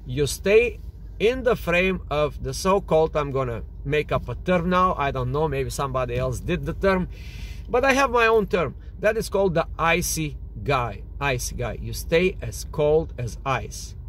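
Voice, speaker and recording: Higher-pitched man explaining dating tactics. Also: lively intonation, moderate pace, fairly bright tone, a little hiss or hum. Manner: explanatory, lays points out with examples and restarts. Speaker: dating coach. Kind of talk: instructional monologue.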